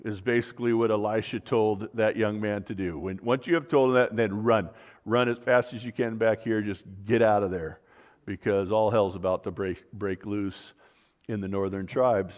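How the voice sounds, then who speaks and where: A man's voice: mid-range voice, big-room sound. A man preaching an informal sermon, retelling a Bible story conversationally with many fillers and restarts.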